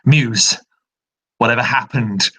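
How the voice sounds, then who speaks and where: A man's voice: medium pitch, slow, sharp tone, slightly rough, heavily acted, poor audio. A man doing an earnest pleading ally. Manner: urgent and pleading.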